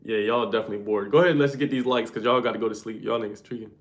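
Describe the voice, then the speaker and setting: A man's voice: lowish voice, fairly even intonation, rapid-fire, reverberant. Slangy young man chatting on a livestream. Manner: loose, slangy, talks straight to the chat. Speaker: livestream host. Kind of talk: casual livestream chat with viewers.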